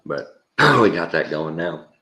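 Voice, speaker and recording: A man with a Texan accent and an extremely deep, low voice talks through a casual opinion monologue. He rambles and chuckles, and he repeats words to hammer a point home. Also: sing-song, takes it slowly, bright, forceful tone. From Texas. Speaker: commentary host.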